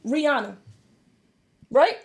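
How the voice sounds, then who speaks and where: Brief: high-pitched woman guest, animated casual storyteller. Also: slow pace. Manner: animated storytelling, many fillers. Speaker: podcast guest, music artist. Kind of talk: casual chat.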